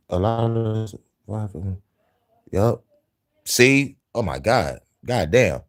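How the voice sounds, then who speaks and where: A man's voice: lowish voice, expressive, very slow, long pauses. A man hosting a casual news-commentary livestream, profane and heated, laughing often between angry riffs.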